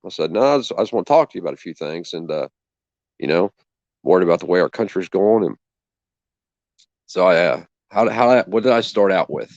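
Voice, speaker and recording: A man with a fairly low voice tells a story in a casual, indignant way, swearing freely and acting out what each person said. The sound is dull and lo-fi, dry and close, with no room around it. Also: animated, brisk, dry recording. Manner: indignant, profane, acts out both sides of a conversation. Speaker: channel host.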